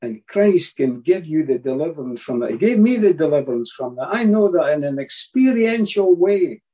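Male preacher, sermon, high mellow voice, emphatic, repeats key phrases. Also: expressive, normal speed, husky, low-quality recording.

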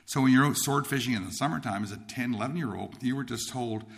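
Gravelly and mid-range, this man's voice moves quickly as he gives his testimony. Hailing from Nova Scotia, Canada, he tells his life story in a rambling fashion, with frequent restarts and repeated words.

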